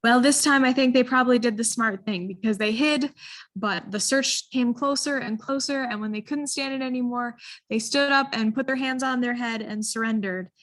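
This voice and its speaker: A woman telling a history story to an audience, animated and full of ums, putting listeners in the story with choices. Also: fairly high pitch, normal speed. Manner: animated, addresses listeners with choices, frequent um fillers. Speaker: history presenter. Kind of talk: interactive storytelling talk.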